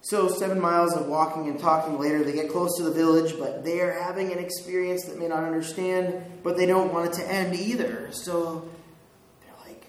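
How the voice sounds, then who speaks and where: A man's voice: on the high side, fairly even intonation, fairly quick, hardly any pauses. A man preaching a sermon as pastor, talking conversationally, chuckling now and then and asking the listeners questions. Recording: very echoey hall with faint hiss.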